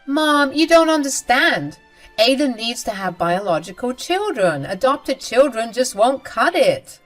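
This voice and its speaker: A woman's voice: on the high side, big pitch swings, a little slow, fairly bright tone, faint music behind, voice pushed up, heavily acted, rough recording. A woman voicing a cruel, smug young sister-in-law who talks down to everyone in a self-righteous way.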